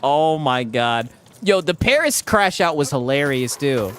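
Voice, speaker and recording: A man streaming and chatting, with a lively voice that swings widely in pitch, pitched a little high for a man. He laughs often and swears freely as he tells his stories. Faint noise sits behind him. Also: measured pace. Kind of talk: casual stream chat.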